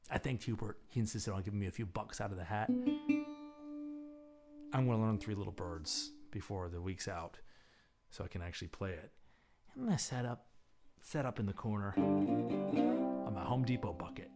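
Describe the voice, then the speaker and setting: Lively reflective man telling a story. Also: on the low side, moderate pace. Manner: relaxed, reflective, musing. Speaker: podcast host and street musician. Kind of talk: personal storytelling vignette. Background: plucked guitar music.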